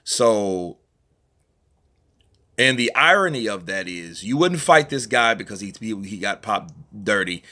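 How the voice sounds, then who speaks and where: A man hosts a boxing news vlog, talking in a low, forceful voice. He rambles conversationally, leaning on fillers as he breaks down the latest news for his viewers. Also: very animated, a little slow. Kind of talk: casual commentary vlog.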